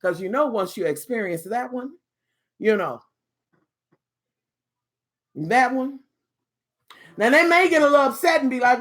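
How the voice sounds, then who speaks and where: A woman's voice: on the high side, measured pace, pauses often, a bit bright. Sassy, bawdy woman live-streaming. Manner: sassy, bawdy, laughing asides to viewers. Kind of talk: casual live-stream chat.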